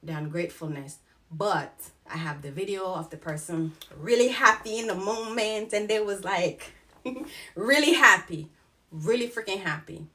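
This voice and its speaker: A young woman talking candidly to camera in a personal vlog, frank and animated, about her own life. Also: mid-range voice, moderate pace. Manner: frank, animated, mimics others in quoted asides. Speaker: vlogger.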